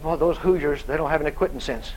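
A man preaching a sermon through a dramatic story, animated and bursting into shouts. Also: on the high side, quick pace, a little hiss or hum, rough recording.

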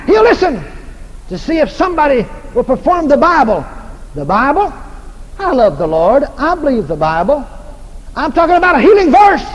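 High-voiced, folksy preacher man. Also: lo-fi sound. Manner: folksy, humorous, repetitive. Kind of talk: sermon. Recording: echoey hall, faint noise.

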